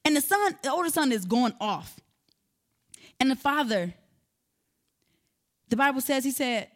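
A woman's voice: sits high, animated, normal speed, pauses often. A woman preaching a sermon in a conversational way, building to emphatic, rising passages.

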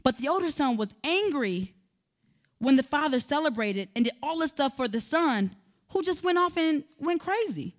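A woman's voice: sits high, lively intonation, normal speed. A woman preaching a sermon in a conversational way, building to emphatic, rising passages.

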